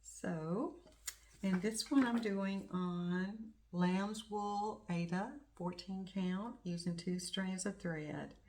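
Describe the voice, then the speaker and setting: Her voice sits at a medium pitch, slow and a little mellow. She's a middle-aged craft-channel host chatting away in casual show-and-tell mode, rambling and gushing over tiny touches in her stitching projects.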